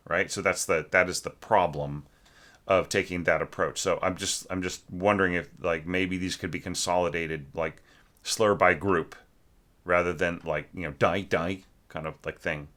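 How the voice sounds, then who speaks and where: An orchestration teacher gives a loose, rambling spoken critique of a student's orchestration, filled with fillers and sung musical figures. His low voice keeps a steady tone at a moderate pace and sounds pushed and bright.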